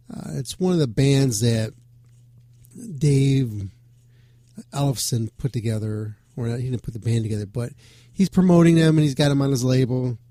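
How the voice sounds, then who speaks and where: A man's voice: mid-range voice, dark tone, dry recording, clean studio sound. A man hosting a rock radio show, talking in a loose, joking way and swearing freely. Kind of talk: casual rambling chat.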